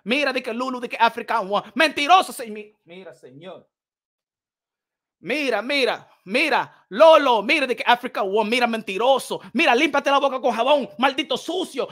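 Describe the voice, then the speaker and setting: New york guy ranting about boxing, mocking, flips between english and spanish, high bright voice. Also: lively intonation, fairly quick. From New York City. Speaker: boxing commentator. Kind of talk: heated rant mixing English and Spanish.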